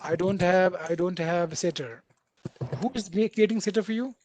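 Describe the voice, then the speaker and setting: A man's voice: high voice, moderate pace, a little hiss or hum. Chatty man teaching code. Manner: chatty, repeatedly checking in with "right?"; animated, acting out what the code editor says. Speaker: programming instructor. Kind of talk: live online coding class.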